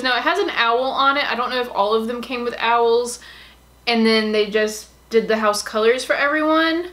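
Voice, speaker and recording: A woman with a slightly high voice hosts a casual unboxing vlog. She talks in a gushing, excitable way, gasping and squealing as she goes. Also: a little hiss or hum. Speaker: YouTube unboxing host.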